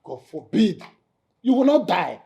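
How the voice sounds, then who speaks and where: A stammering, outraged Nigerian leader, warm dark voice. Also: male voice, sits high, sing-song, a little slow, creaky, muffled recording, full character voice. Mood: defiant. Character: indignant community leader, defiant. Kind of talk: Nollywood film acting.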